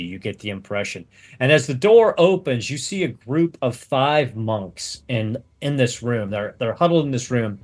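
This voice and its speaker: A man narrates a tabletop game as game master, casual and full of restarts. His voice has a slightly husky grain. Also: medium pitch. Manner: casual, halting, many restarts.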